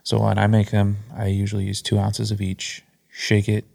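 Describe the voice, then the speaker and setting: Gravelly low-voiced man telling stories. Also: completely flat delivery, normal speed, a little mellow. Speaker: café coffee guest. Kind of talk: casual podcast chat.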